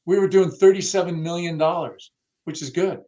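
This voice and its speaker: A man's voice: fairly high pitch, fairly even intonation, moderate pace, warm tone, lo-fi sound. A man being interviewed about the car audio industry, talking bluntly and casually with some cursing and acting out the people he quotes. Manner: blunt, profane, acts out quoted dialogue.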